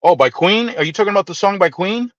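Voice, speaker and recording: A man's voice: sits high, fast talker, no echo, lo-fi sound. Playful man hosting a live stream. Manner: playful, teasing, animated asides to viewers. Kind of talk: casual chat reading viewer comments.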